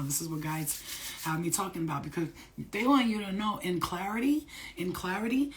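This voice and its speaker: A woman's voice: lowish voice, a little hiss or hum. Blunt, swearing woman psychic. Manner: blunt and emphatic, swears freely, repeats phrases for stress; streetwise slang. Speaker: psychic medium giving spirit readings. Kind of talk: casual unscripted channeling talk to viewers.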